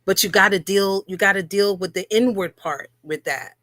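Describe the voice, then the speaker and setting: A woman's voice: mid-range voice, moderate pace, fairly bright tone, dry recording. A woman co-hosting a live talk about relationships, speaking earnestly and repeating key phrases for emphasis. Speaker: co-host.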